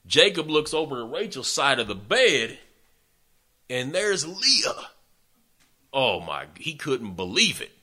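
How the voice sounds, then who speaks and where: Folksy and energetic, a male preacher shares a story in his sermon and often talks right to his audience. His voice is on the low side.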